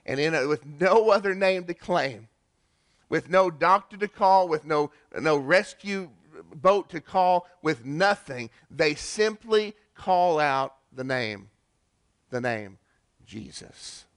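A man preaching with an earnest, halting delivery, pausing and restarting as he builds his points. His voice sits a little high for a man. The sound is dry and close, with no room echo. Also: animated, a bit bright. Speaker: pastor. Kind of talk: sermon.

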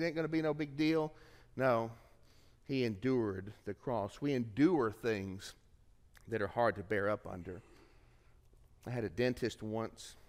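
A man preaching a sermon as pastor, emphatic and repetitive, dropping to hushed tones and then rising to urgent pleas. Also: on the high side, long reverb tail. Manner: emphatic, repeats phrases, swings from hushed to raised.

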